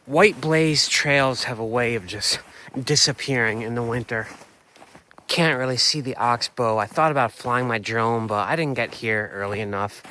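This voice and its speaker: A man's voice: mid-range voice, normal speed, pushed and bright, a little hiss or hum. A man narrating a casual travel vlog to camera, thinking aloud in a loose, unsure, chatty way. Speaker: van-life vlogger.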